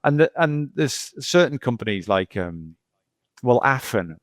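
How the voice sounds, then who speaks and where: A man's voice: mid-range voice, big pitch swings, unhurried, dry recording. A middle-aged male geologist talking casually as a podcast guest, rambling through anecdotes with lots of repeats and "you know".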